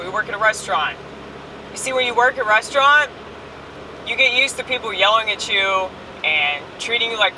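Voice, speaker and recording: Brash, high-voiced woman ranting while driving. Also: sharp tone, distant mic, a little hiss or hum, rough recording. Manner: brash, profane, rambling. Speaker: online comedian. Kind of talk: casual driving vlog rant. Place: inside a moving car. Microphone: phone camera held while driving.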